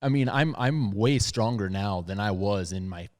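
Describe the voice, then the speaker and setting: Male podcast host, thirties, deep and soft-spoken, loose conversational restarts. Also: normal speed. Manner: low, soft-spoken radio voice, rambling restarts. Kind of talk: casual chat. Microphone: studio podcast mic.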